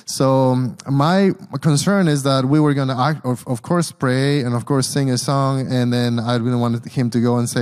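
A man's voice: medium pitch, normal speed, few pauses, darkish tone. Man, Mexican Spanish accent, church guest speaker, earnest storytelling, frequent restarts. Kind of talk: church mission talk with slides.

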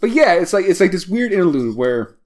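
A man's voice: high-pitched, big pitch swings, a little fast, a little mellow. Guy on a movie podcast, rambly and giggly, lots of likes and you knows. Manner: rambling, laughs a lot, many fillers. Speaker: podcast co-host. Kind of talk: casual film discussion. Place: small town.

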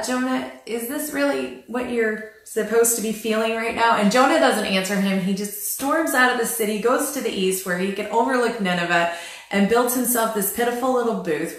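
A woman's voice: medium pitch, a bit bright. A woman giving casual spoken Bible teaching, chatty and wry, retelling scripture with dry sarcasm and frequent filler words. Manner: frequent "um" fillers and light laughs. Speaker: Christian family Bible teacher. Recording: very echoey room.

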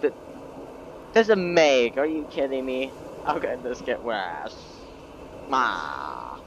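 A man talks over his own gameplay in a slow, unhurried way, sounding self-mocking and fed up. His voice sits at an ordinary pitch, with steady noise running behind it. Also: dull audio. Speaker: gameplay video creator. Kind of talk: gameplay commentary.

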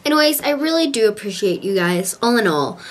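A woman's voice: mid-range voice, sing-song, brisk. A young woman vlogging from inside a parked car, talking casually, gushing and rambling, into a handheld compact camera. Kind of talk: casual vlog chat.

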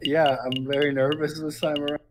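An excitable streamer in animated, jokey let's-play chat with a co-player. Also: medium pitch, fairly quick, background noise.

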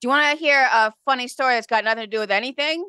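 Woman, podcast co-host, plainspoken casual talk, clear bright voice, dry close sound. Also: on the high side, rapid-fire, no room sound. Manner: plainspoken, brings up news stories. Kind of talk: casual chat.

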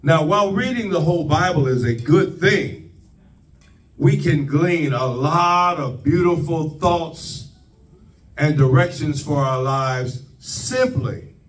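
A man preaching a sermon, slow and deliberate, leaning on repeated phrases. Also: on the high side, far from the mic, rough recording. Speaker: pastor.

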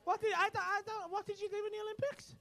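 A man's voice: very high-pitched, flat delivery, fast, a bit bright. A man doing cheeky, sweary crowd work as a stand-up comedian in a comedy club. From England. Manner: cheeky, sweary banter with the audience. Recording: live club recording with crowd noise.

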